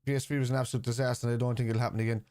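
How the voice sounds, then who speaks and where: A man's voice: mid-range voice, level tone, racing, darkish tone, no room sound, clean studio sound. A man hosting a live football watchalong, chatting casually and answering viewers' comments.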